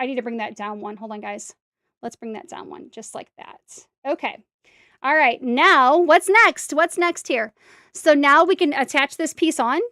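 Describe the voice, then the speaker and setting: Building a brick set on stream, a woman gives relaxed step-by-step commentary to her viewers and mutters to herself as she corrects errors. Her voice leans high and fairly bright, in clean studio audio without room sound.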